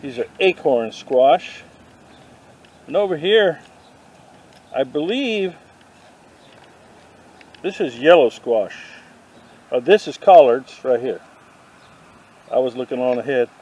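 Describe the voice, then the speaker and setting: A man vlogging a walk through an outdoor garden, dropping deadpan puns as he goes. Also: medium pitch, takes it slowly, pauses often, low-quality recording. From not from the South. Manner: deadpan punning asides. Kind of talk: joking walk-through commentary. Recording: faint outdoor noise.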